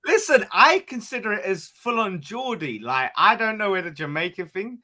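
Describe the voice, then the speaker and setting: Man doing a boastful Geordie lad, crude banter, high lively voice, bright tone. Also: normal speed, a little hiss or hum, exaggerated voice. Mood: mock brash. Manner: swearing, mock-aggressive banter.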